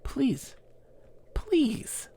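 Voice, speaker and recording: Playful streamer reading game dialogue aloud. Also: male voice, extremely high pitch, wildly swooping pitch, drawn-out words, gravelly, warm tone, dry recording. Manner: playful, reads NPC dialogue aloud in put-on voices. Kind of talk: live game commentary.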